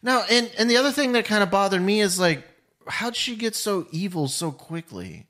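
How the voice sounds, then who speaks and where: A man's voice: sits high, very animated, moderate pace, bright, forceful tone. A man co-hosting a casual movie-review podcast, talking in a loose, rambling way full of "like" and questions. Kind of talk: casual chat.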